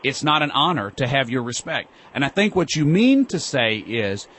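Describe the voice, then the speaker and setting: A man's voice: mid-range voice, very animated, moderate pace, a bit bright, slightly rough. A man hosting a call-in radio talk show, arguing with a caller in a sarcastic, lecturing way.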